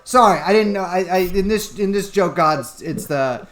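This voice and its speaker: A man co-hosting a podcast, joking around in a goofy way and playing dumb about sports. His pitch swings widely from line to line, giving the banter a lively feel. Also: moderate pace. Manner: playful, goofy, feigns ignorance about sports. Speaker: podcast co-host. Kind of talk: casual joking chat.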